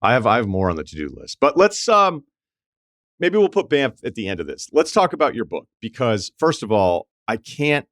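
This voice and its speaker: A man's voice: medium pitch, sing-song, moderate pace, fairly bright tone, no echo, studio quality. A man hosting a podcast in reflective, casual conversation. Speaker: podcast host.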